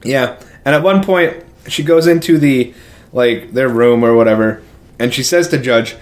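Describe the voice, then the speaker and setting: A man's voice: medium pitch, moderate pace. A man co-hosting a podcast, retelling a film in a loose, rambling way full of fillers. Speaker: podcast co-host. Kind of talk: casual chat.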